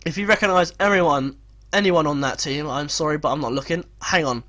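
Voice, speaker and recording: A young man giving casual commentary over a football management game, swearing, mocking himself and breaking into excited outbursts. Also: on the high side, fairly quick. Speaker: gaming video creator.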